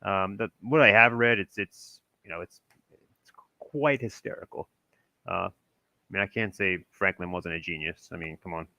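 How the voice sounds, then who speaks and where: A man's voice: sits low, normal speed, gravelly, sharp tone, no echo. A young man from Maryland, talking casually and rambling through an old text with many restarts and chuckles, as a channel host.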